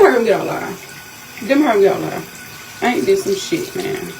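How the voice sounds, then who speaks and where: A woman's voice: mid-range voice, animated, moderate pace, gravelly, a little mellow, slight background noise. A woman venting to her vlog viewers in an agitated, profane, repetitive rant, shaken and upset. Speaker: vlogger.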